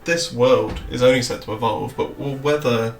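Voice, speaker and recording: A man streaming crypto trades talks in a steady, medium-pitched voice at a moderate pace. His livestream chat is loose and rambling, full of swearing and laughter. Echo fills the room, and music plays faintly.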